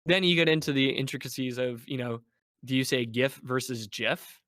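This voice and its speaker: A man chatting casually as a guest on a podcast, animated and playful, slipping into mock voices. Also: medium pitch, brisk. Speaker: guest, game developer.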